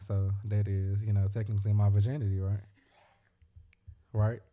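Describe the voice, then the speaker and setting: A man's voice: on the low side, flat delivery, normal speed, phone-quality sound. A young man in casual chat as a podcast host, rambling and slangy, telling stories and repeating himself.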